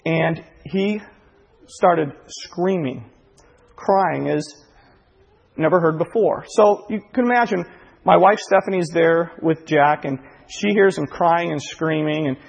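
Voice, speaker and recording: A man preaching in a high, gravelly, breathy voice, telling his story earnestly as the emotion builds. The recording is dull and lo-fi. It sits in a hall with a long reverb tail. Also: slow. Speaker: pastor. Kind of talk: sermon.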